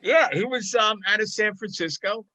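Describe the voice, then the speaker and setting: A man's voice: high voice, moderate pace, crowd noise. An older man chatting as a podcast guest, telling stories in a good-natured, rambling way. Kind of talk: casual chat. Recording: slightly dull lo-fi sound.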